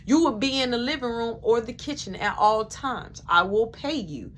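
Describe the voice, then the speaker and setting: A strict mother laying down the rules in a bossy, lecturing way, with a bright, forceful edge, as a woman storyteller puts her on. She sounds firm and expects obedience. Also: on the high side, lively intonation, normal speed, a little hiss or hum. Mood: stern. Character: strict no-nonsense mother giving orders.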